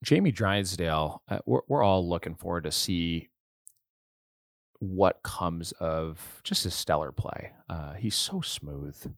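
A man's voice: deep voice, lively intonation, slow pace, gravelly, dry recording, studio quality. A man hosting a casual hockey podcast, an enthusiastic fan who rambles and restarts his sentences. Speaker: podcast host.

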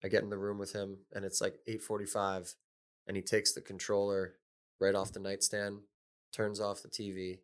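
A man's voice: lowish voice, monotone, moderate pace. A middle-aged man, a former pro hockey player, telling chatty anecdotes with chuckles and loose fillers. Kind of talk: casual storytelling chat.

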